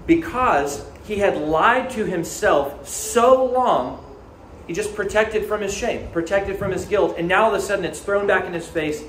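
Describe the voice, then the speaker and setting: A pastor preaching in a conversational, earnest manner, his fairly high voice carrying through an echoey church hall with a faint hum of ambience behind it. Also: a little slow, a bit bright. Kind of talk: sermon.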